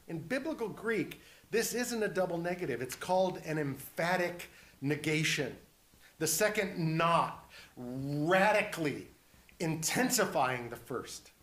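A man delivers a sermon at an unhurried pace, speaking with earnest conviction. He builds to strong, emphatic repetition and slips in light, humorous asides. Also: fairly high pitch, lively intonation, fairly bright tone, echoey room. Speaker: preacher.

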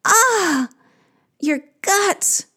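A woman's voice: sits high, sing-song, a little slow, pitched above the performer's own voice. A woman voicing two sexless magical creatures who moan and sigh back in unison, in a storytelling reading. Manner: sighing in unison.

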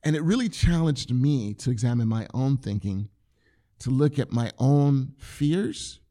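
A pastor preaches dramatically in a medium-pitched, dark, expressive voice at a measured pace, repeating key phrases for emphasis. He acts out the people in a scripture story, raising his voice for the crowd and the blind men.

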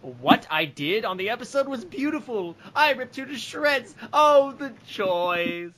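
A man's voice: very high voice, very animated, unhurried, fairly bright tone. A man co-hosting a comedy podcast, talking in a playful, jokey way. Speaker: podcast co-host. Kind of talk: casual comedic chat.

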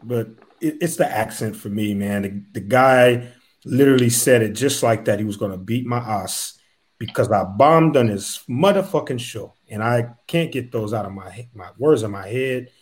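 A man's voice: mid-range voice, normal speed. A man in a comedy sketch, griping in a self-pitying rant.

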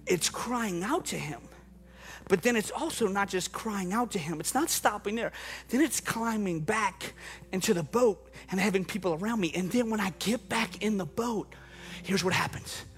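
Impassioned high-voiced male pastor. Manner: impassioned, swings from hushed to urgent pleading. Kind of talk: sermon.

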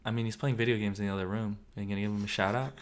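Male podcast co-host, lowish voice, dry teasing storyteller. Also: fairly even intonation, rapid-fire, heavy background noise. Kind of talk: casual chat.

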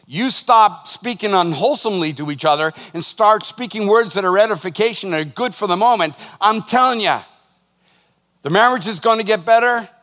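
A man, a pastor preaching a sermon, lively and joking as he tells stories to his congregation. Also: sits high, fairly quick. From northern United States. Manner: lively, joking, animated storytelling. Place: church hall. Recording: long hall reverb.

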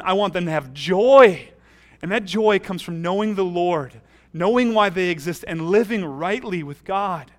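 A man preaching a sermon as pastor, earnest, often restarting his phrases. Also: on the high side.

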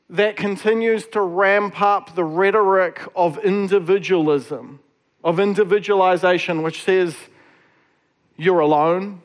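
High-voiced man preaching casually. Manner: casual, conversational preaching with many fillers. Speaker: pastor. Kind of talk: sermon.

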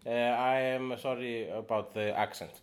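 A man's voice: mid-range voice, steady tone, moderate pace. A man hosting a podcast, chatting casually in a rambling way, full of fillers and the odd curse. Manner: rambling, swears freely, many fillers. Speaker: podcast host. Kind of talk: casual conversation.

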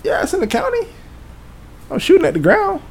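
A man, telling a story in casual chat, animated and profane, acting out voices and sounds. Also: very high voice, a little fast, gravelly, heavy background noise.

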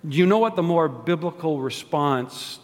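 This pastor's voice sits on the high side, animated yet unhurried, as he preaches a sermon with prayer. He jokes and questions his congregation, with a large hall's long reverb behind him.

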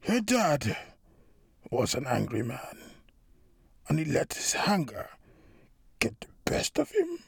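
A man voicing a timid older veteran who speaks softly and meekly, higher and quieter than the narration. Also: sing-song, takes it slowly, long pauses, slightly rough, no echo, studio quality, full character voice. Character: timid older male war veteran, cowed.

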